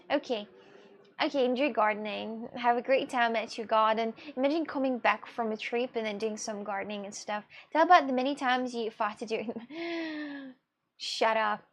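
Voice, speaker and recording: A woman's voice: fairly high pitch, moderate pace. A young Russian woman with a Russian accent, chatting casually with viewers on her live stream, rambling and laughing often. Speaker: livestreamer.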